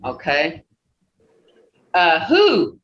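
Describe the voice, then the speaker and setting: Patient teacher with a lively, slow voice. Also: mid-range voice. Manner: patient, repeats words and checks understanding. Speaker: language teacher. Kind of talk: online language class. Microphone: video call. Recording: echoey, muffled video call audio.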